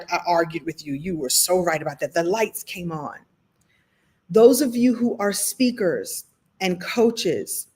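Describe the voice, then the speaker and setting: A woman from Brooklyn, New York, giving a motivational livestream talk as a speaker and coach. She tells stories in an emotional, animated way and laughs often. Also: medium pitch.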